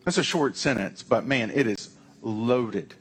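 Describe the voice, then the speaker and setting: A man's voice: medium pitch, unhurried, slightly rough. A man preaching a conversational sermon, with frequent restarts and casual asides. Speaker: pastor.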